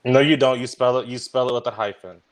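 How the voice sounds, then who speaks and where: A man's voice: medium pitch, steady tone, quick pace, crowd noise. Teasing man in a group chat. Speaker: podcast guest.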